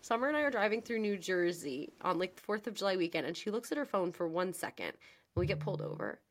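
A woman's voice: on the low side, fast. Young woman animatedly recapping a TV episode. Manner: animated storyteller, acts out quotes. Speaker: podcast co-host. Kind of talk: casual chat recapping a TV episode.

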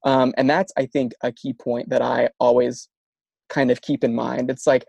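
A man's voice: mid-range voice, level tone, moderate pace, vocal fry, a little mellow, no echo, lo-fi sound. A man in an interview, explaining speech therapy techniques while stuttering with frequent sound repetitions and restarts. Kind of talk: conversational explanation.

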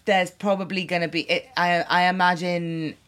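A young woman with a notably low voice, co-hosting a comedy podcast. She thinks out loud in rambling, easygoing chat, full of fillers and silly wordplay. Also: fairly even intonation, normal speed. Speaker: podcast co-host guessing the answers.

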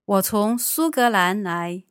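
A woman's voice: medium pitch, expressive, takes it slowly, smooth, dry recording, studio quality. A native Mandarin-speaking woman co-hosting a language lesson, giving careful model pronunciations. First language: Mandarin Chinese.

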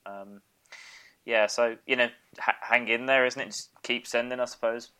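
Brief: man, podcast host, smooth resonant voice, agreeable and encouraging. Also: medium pitch, steady tone, moderate pace, bright, forceful tone. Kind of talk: casual podcast interview.

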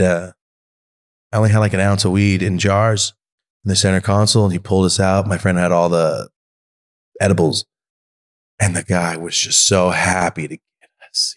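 A man, a podcast guest, telling stories in a casual, profane and animated way and acting out the voices of the people in them. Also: deep voice. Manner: profane, animated, acts out quotes. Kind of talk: casual storytelling.

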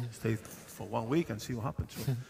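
A man who manages a football club fields questions on stage at a live event, speaking haltingly with lots of fillers and laughing often. His voice is mellow, medium-pitched and touched with vocal fry.

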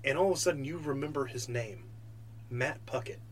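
A man's voice: medium pitch, a little fast, a little hiss or hum. Man narrating a tabletop game, lots of uhs. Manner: relaxed narration with many fillers. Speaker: game master.

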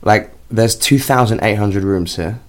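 A man's voice: on the low side, a little slow. A young man hosting a podcast from a hotel, chatting loosely, joking and swearing. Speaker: podcast host. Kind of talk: casual podcast chat.

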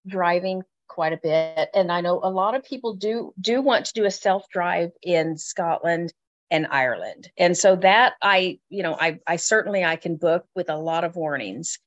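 Lady travel advisor chatting on a radio show, kinda low voice, restarts her sentences a lot. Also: moderate pace, lo-fi sound. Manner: chatty, repeats words while thinking. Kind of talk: casual radio chat.

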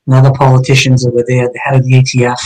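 A man of ordinary pitch speaks as an interview guest and tells a personal story earnestly. He acts out the lines of the people in his story and lets his voice rise for their words. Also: completely flat delivery, very fast, darkish tone, poor audio. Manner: earnest, acts out quoted dialogue in retelling.

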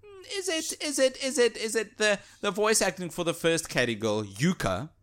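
A man co-hosting a casual chat about a video game, animated and quick to act out little voices. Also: high voice. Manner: animated, does little voice impressions. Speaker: podcast co-host.

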